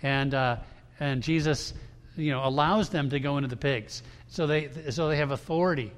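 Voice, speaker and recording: With a voice a little on the high side and a moderate pace, a pastor delivers a conversational sermon to his congregation. He often restarts and stresses quoted lines, and the recording has a long hall reverb.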